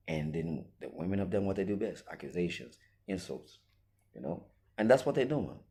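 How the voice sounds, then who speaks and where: A man's voice: low voice, big pitch swings, normal speed, mellow. A man giving an emphatic opinion monologue, full of rhetorical questions and acted-out quotes. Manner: acts out quoted voices. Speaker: commentator.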